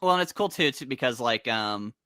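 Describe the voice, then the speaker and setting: A young man chimes in on a casual comic podcast, with a bright, sharp tone and a pitch that swings a lot. The sound is dry and close, with no room around it. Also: animated, fairly quick, smooth, no room sound. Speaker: podcast co-host. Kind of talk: casual comic book discussion.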